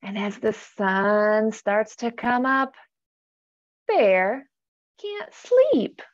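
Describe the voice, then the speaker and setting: A woman reading a picture book aloud to children, animated, gasping and asking questions as she goes. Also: mid-range voice, drawn-out words, muffled recording. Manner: animated, gasps, asks listeners questions. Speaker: storytime reader.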